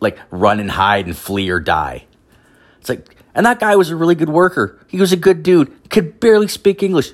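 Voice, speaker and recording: Young man, from Canada, slightly low voice, rambling profane storytelling, heavy "like" fillers, higher-pitched mimicry of others. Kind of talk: profane casual storytelling rant.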